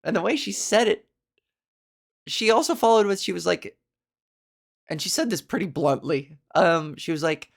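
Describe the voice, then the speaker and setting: Woman, podcast host, comedian, casual storytelling, gravelly, lowish voice, animated pitch jumps. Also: moderate pace, pauses often.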